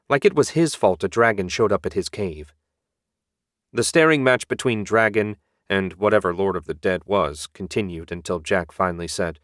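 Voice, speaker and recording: A man narrating a fantasy audiobook in a measured, even storytelling manner. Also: low voice, no room sound, clean studio sound.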